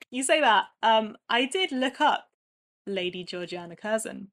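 A woman co-hosting a casual chat, giggling often and filling pauses with ums. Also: a little high, animated, a bit bright. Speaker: podcast co-host.

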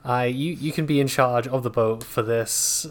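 A man's voice: medium pitch, normal speed, close to an everyday voice. A man voicing a flustered, bluff camp counselor rallying a group of kids.

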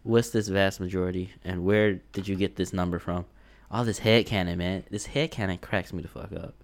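A man's voice: low-pitched, steady tone, a little fast. A man co-hosting a casual chat, talking bluntly in slang, cursing and laughing often. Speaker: podcast co-host.

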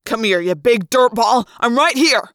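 A woman voicing a panicked teenage boy who yells urgent orders. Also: medium pitch, fairly quick, smooth, dry recording, clean studio sound, lightly acted. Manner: loud urgent yelling.

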